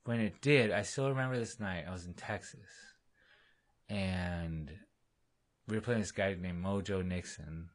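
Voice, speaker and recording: Deep-voiced male podcast guest, relaxed anecdotal storyteller, acts out quotes. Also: a little slow. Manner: animated, laughing, acts out quotes in other voices. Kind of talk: casual storytelling.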